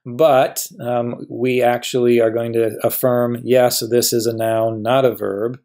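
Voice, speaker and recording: This male professor is unhurried as he teaches grammar, his pitch staying level throughout. Patiently working through every example, he raises questions only to supply the answers himself.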